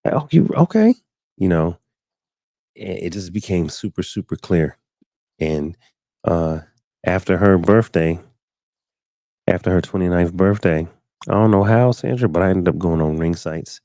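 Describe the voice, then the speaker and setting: Man, 30s, talk show host, very low voice, mellow, dry close sound, casual storytelling, animated quoting. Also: unhurried, pauses often, dry recording. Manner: animated storyteller, acts out quotes with big pitch jumps. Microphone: studio mic, live stream.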